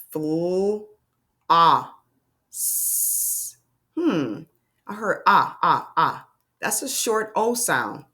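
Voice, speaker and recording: A woman in her thirties teaches young children to spell, slow, upbeat and drawn-out. She stretches each letter sound as she talks, and her voice sits a little low for a woman. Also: fairly bright tone. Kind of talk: children's phonics lesson.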